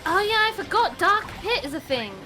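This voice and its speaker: A young British woman streaming a game, chatting in an excitable, exclamatory way with quick asides. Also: extremely high pitch, faint music behind. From Britain. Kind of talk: casual chat while gaming.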